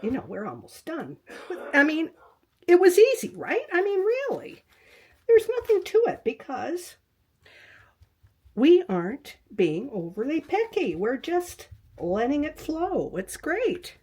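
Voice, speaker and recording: A woman's voice: high voice, wildly swooping pitch, slow, mellow. An older woman hosting a casual quilting tutorial from her home craft room on a webcam, chatting and talking to herself as she works, sometimes dropping into a whisper. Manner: chatty, talks to herself while working, drifts into whispers.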